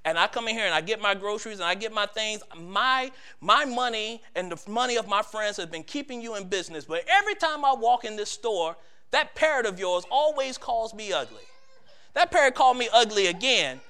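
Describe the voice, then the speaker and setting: A man's voice: high voice, lively intonation, pushed and bright, smooth, full character voice. A man voicing a fed-up woman customer. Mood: indignant. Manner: rapid, aggrieved complaining.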